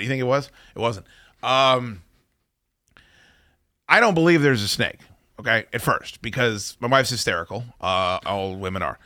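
A male talk show host telling a story in a casual, wry, profane way. His pitch swings widely and his tone is bright and forceful. The sound is close and dry. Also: animated, fairly quick, dry recording.

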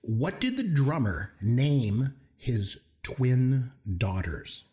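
Brief: middle-aged male co-host, playful dad-joke type, lively pitch. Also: very slow. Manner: jokey, playful, tells dad jokes. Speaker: podcast co-host. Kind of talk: casual chat.

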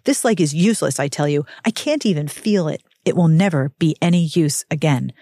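A woman reading the lines of a moody, hot-tempered young male athlete from a novel, in a gruff, clipped way. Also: sits low, expressive, brisk, warm tone, dry recording, clean studio sound, voice pushed down. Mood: brooding.

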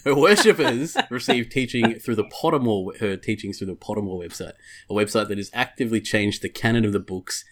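A man with a fairly low voice carries a podcast segment, reading prepared notes in a casual, wry way. He breaks off for dry jokes and drops the odd swear word. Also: fairly quick, a bit bright. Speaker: podcast host.

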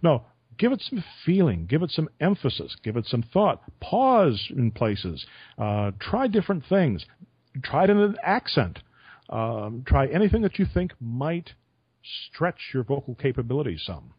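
A man with radio experience, telling stories and giving advice in a relaxed conversational way, chuckling often. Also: medium pitch, measured pace, husky, dry recording, highs cut off. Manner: storytelling with chuckles. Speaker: radio interviewer. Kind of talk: conversational podcast interview.

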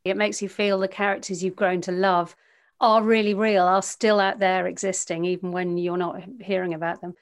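A woman interviewer with a voice of ordinary pitch. She asks an author thoughtful, measured questions and sums up what she has read. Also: little pitch movement.

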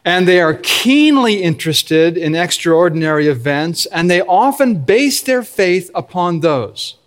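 Earnest pastor preaching, slightly high voice. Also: male voice, big pitch swings. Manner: earnest preaching with slow emphatic phrases. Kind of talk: sermon.

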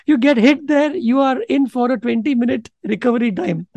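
A man in his thirties with an Indian accent chats casually and animatedly on a podcast, laughing often and slipping into Hindi. His voice is very high, a little fast, creaky and darkish in tone. The recording has no room sound and the highs are cut off.

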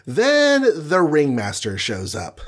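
A man co-hosting a casual podcast, retelling a comic story in a playful way and dropping into quick mock voices for the characters. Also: medium pitch, huge pitch swings. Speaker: podcast co-host recapping comics. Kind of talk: casual chat.

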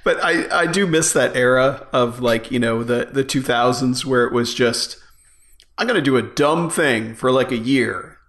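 A man's voice: medium pitch, moderate pace, fairly bright tone. A man co-hosting a podcast in casual chat, making wry, dry asides. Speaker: podcast co-host. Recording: roomy echo.

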